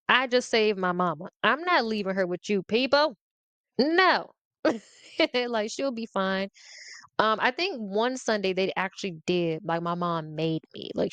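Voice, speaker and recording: Animated woman telling a funny story. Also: fairly low pitch, dry recording. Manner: animated, acts out voices and laughs often. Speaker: podcast host. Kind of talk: comedic storytelling rant.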